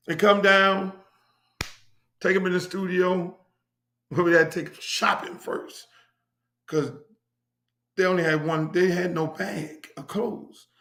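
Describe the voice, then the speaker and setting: A man's voice: sits high, fairly bright tone, roomy sound. Brash, profane man telling stories. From Miami, USA. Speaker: host. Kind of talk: casual storytelling monologue.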